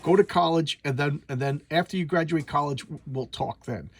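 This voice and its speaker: A man voicing an exasperated grown male superhero in offhand paraphrase, in his own husky voice. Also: on the high side, brisk, no room sound.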